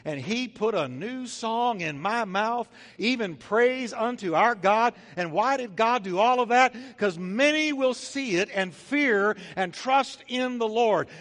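High-voiced preacher in a reverberant hall. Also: male voice, expressive, measured pace, hardly any pauses. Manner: emphatic preaching with sudden loud and soft swings; acts out little scenes with comic voices. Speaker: pastor. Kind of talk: sermon.

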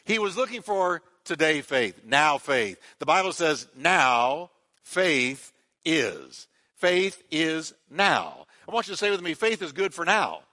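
A man's voice: fairly high pitch, sing-song, normal speed, hardly any pauses, pushed and bright. A man preaching a sermon as pastor, emphatic and repetitive, calling the congregation to respond.

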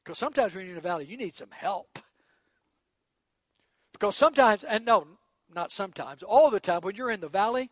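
A male pastor preaching a sermon, acting out quoted voices and swinging between hushed, quiet lines and shouted ones. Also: high-pitched, animated, normal speed, dry recording.

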